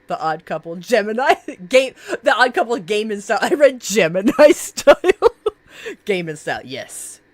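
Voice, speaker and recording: A woman's voice: mid-range voice, very animated, normal speed, no room sound. A woman streaming live in a casual chat, gushing about favorite characters, laughing often and swearing freely.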